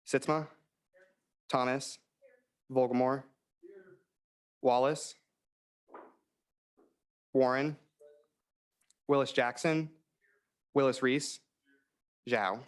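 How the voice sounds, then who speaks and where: Young man calling the roll, very slow and deliberate, mid-pitched voice. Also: fairly even intonation, clean tone. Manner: reads names one by one, apologizes for stumbles. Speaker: interim secretary.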